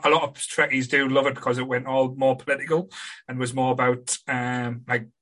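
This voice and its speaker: Bright-voiced man hosting a casual chat. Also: medium pitch, flat delivery, brisk. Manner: hesitant, with many restarts and "like" fillers. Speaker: podcast host.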